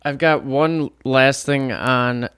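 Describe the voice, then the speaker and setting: A man's voice: mid-range voice, fairly even intonation, takes it slowly, a bit bright, clear, resonant tone, no echo, studio quality. A man with a Midwestern accent in a casual sports chat, blunt and wisecracking, swearing freely. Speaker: podcast co-host.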